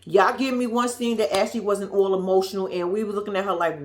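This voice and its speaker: A woman giving a profane, animated recap of a reality show, acting out quotes in a blunt, sassy way. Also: medium pitch, fast, few pauses.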